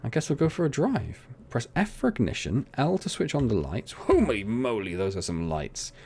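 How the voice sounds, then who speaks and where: Very animated and warm, this medium-pitched male voice has a breathy edge and a moderate pace. It belongs to a young gaming channel host chatting and rambling through a farming game let's play while teasing himself.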